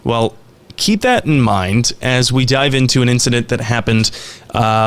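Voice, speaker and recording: A man hosting a podcast, explaining game lore in a steady storytelling way. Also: medium pitch, clean tone. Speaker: podcast host.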